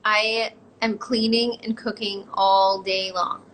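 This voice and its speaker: A woman's voice: medium pitch, level tone, slow, fairly bright tone, a little hiss or hum. A woman guest on a chat show over a video call, chatty and playful, laughing as she talks. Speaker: actress guest. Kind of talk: casual video-call interview.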